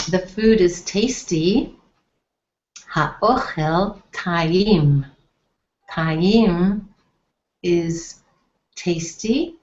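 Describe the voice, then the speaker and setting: Lady teaching vocab real slow, lowish voice, echoey dull-sounding room. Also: a little mellow. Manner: slow, careful repetition of phrases. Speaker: Hebrew teacher. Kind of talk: language lesson.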